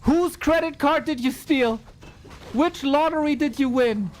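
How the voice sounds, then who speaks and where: A man casting a live esports stream, excitable and exclamatory, swearing freely. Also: very high-pitched, measured pace. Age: adult, long-time caster. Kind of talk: live stream game commentary.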